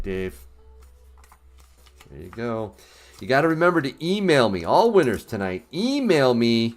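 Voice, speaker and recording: A man's voice: medium pitch, vocal fry. A man hosting a casual livestream, chatting with viewers in an upbeat, easygoing way. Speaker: livestream host.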